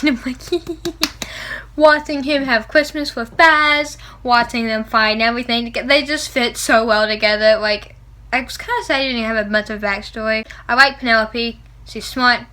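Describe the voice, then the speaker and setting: A young woman reviewing a book she loves in a casual vlog, excitable and gushing, often gasping, laughing and saying "like". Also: a little high. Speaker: book vlogger.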